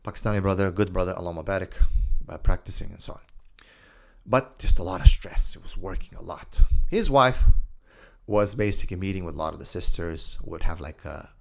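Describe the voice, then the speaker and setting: Deep gravelly man telling a story. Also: fairly quick. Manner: lively, scattered storytelling with many asides. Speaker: Islamic life coach. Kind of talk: storytelling monologue.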